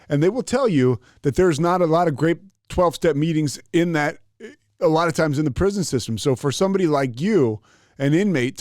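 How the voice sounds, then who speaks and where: Rambling host in a dry room. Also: male voice, fairly high pitch, a little mellow, dry recording. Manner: rambling, searching questions with restarts. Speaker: podcast host. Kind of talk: interview questions.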